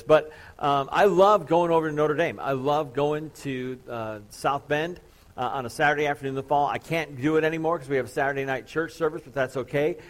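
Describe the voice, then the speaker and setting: A man in his thirties, a pastor preaching to his church congregation, telling a story in a casual, joking, self-deprecating way. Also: mid-range voice. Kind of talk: sermon.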